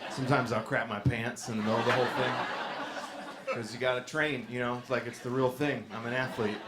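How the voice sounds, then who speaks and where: A man doing a stand-up set in a comedy club, with a low-key, deadpan delivery. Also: fairly quick. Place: comedy club stage with a laughing audience. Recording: echoey club with audience noise.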